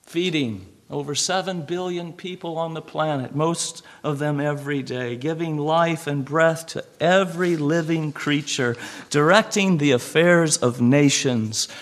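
A man preaching a sermon, earnest and measured, who repeats phrases and drops to a hush on key words. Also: a little high. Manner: repeats and lists phrases for emphasis.

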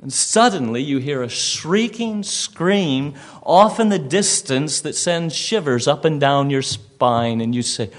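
A man's voice: a little high, animated, takes it slowly, few pauses. A male preacher giving a sermon, telling a vivid story and putting questions to his listeners.

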